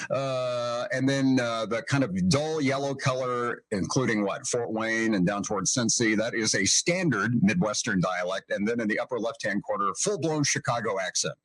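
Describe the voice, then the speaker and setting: A man's voice: medium pitch, normal speed, fairly bright tone, no room sound, low-quality recording. A man from Northeast Indiana hosting a radio show, chatting casually and chuckling often as he reads through a list. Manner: amused, chuckling often while reading.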